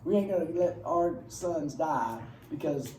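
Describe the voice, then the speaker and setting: A man's voice: on the high side, expressive, unhurried, dark tone, slight background noise. A male history teacher giving a casual classroom lecture, rambling with joking asides. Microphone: far camera. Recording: echoey room from far off.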